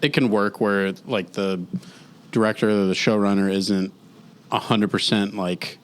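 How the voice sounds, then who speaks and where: A man's voice: lowish voice, steady tone, measured pace, clear, resonant tone. A man co-hosting a podcast, easygoing and a bit hesitant in casual chat. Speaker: podcast co-host.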